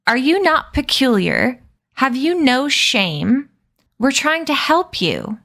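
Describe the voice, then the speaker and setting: A woman voicing a grandiose, indignant male dog who speaks slowly and imperiously, read from a novel. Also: high-pitched, sing-song, gravelly, a bit bright, pitched above the performer's own voice, exaggerated voice. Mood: outraged. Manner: imperious, orating, slow and emphatic. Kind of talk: reading a novel aloud on a stream.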